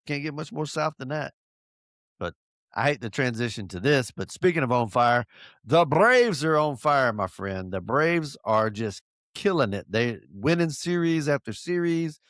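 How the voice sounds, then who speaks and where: A man from North Georgia with a Southern accent, hosting a casual podcast, an animated storyteller who acts out quotes and chuckles. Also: medium pitch, no echo, studio quality. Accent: Southern American. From North Georgia, USA. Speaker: podcast host.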